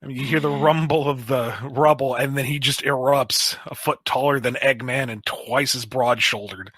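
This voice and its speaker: A man hosting a podcast, chatting casually and spinning out playful, silly scenarios. His voice sounds bright at a mid pitch. The sound is close and dry. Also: steady tone, moderate pace, no echo. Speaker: podcast host.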